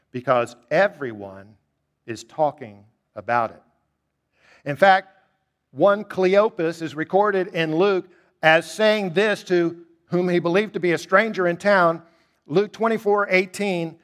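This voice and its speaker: A man preaching a sermon, emphatic and asking rhetorical questions, climbing high on key points and dropping low and quiet to reflect.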